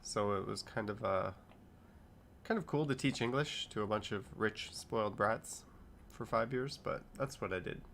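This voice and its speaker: A man's voice: fairly low pitch, moderate pace, gravelly, fairly bright tone, slight background noise. A man in his thirties hosting a casual livestream, reading viewers' comments aloud and riffing on them. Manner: chatty, reads chat comments aloud and riffs on them. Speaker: streamer reading live chat.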